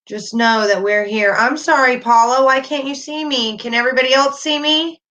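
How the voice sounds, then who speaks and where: A middle-aged woman hosting a casual livestream, talking warmly and reassuringly while reading chat comments aloud. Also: high voice, steady tone, moderate pace. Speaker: livestream host.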